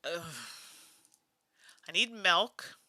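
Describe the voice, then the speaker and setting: A woman's voice: on the low side, very slow, bright, forceful tone, no room sound. A woman from Canada hosting a casual solo board game playthrough, thinking aloud and chatting with viewers. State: tired. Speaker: host.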